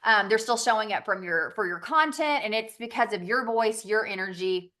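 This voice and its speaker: A woman's voice: medium pitch, moderate pace, pushed and bright. A woman with a Southern US accent giving a chatty training talk on a team call, laughing often and acting out little quoted exchanges.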